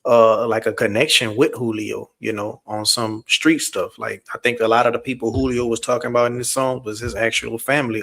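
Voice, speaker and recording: A man hosting a casual chat, measured and hedging, with lots of "you know" and "like". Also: medium pitch, gravelly.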